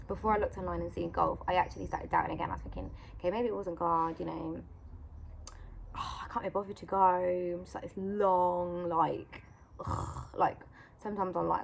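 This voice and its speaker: Give me a woman telling a faith story to her channel, lively and full of "like", with a creaky edge. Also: medium pitch, a little hiss or hum. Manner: animated, acts out quoted dialogue, frequent "like". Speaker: Christian vlogger; mother of a young son. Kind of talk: casual faith testimony storytelling.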